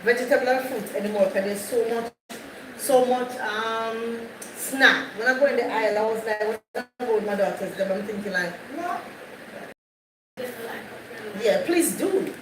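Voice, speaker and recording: A woman's voice: on the high side, normal speed, recorded from a distance. Chatty woman, echoey and off-mic. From Jamaica. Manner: chatty, repeats herself, greets viewers by name. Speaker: livestream host. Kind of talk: casual live chat with viewers. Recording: echoey, off-mic, noisy background.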